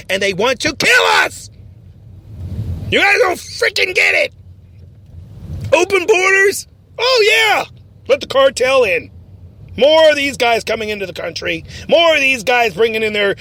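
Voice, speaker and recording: A man hosting a mock talk-radio show, ranting and often shouting in a mocking tone. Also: very high voice.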